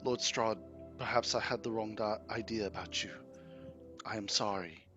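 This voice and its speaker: A man voicing a frightened, grieving young noblewoman who speaks haltingly, with music underneath. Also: fairly low pitch, fairly even intonation, dull audio, lightly acted. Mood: hesitant. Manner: hesitant, halting speech.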